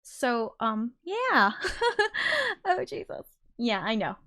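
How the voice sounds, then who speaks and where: Her voice is on the high side and sharp, with huge pitch swings and a very slow pace. Hosting a laid-back livestream, this songwriter muses aloud about her songs and now and then sings a line briefly to demonstrate.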